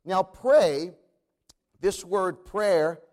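A man's voice: sits high, drawn-out words, darkish tone. A man preaching a sermon as pastor, conversational, with joking asides and emphatic repetition.

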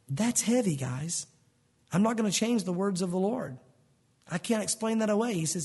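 A man's voice: high voice, a little fast, dark tone, slightly rough. A man preaching a sermon in a conversational, earnest way, explaining verses in plain words and calling the listeners "guys". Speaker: pastor.

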